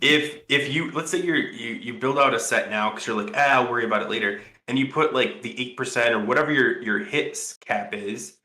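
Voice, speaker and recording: A man's voice: mid-range voice, normal speed, few pauses, sharp tone, reverberant. A man co-hosting a casual podcast chat, rambling and thinking aloud with lots of fillers and restarts. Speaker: podcast co-host.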